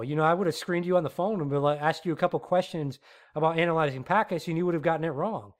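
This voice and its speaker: A man hosting his own podcast, ranting in a rambling, animated way with many fillers and restarts. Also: on the high side, rapid-fire. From Texas. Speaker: podcast host. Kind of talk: solo podcast rant.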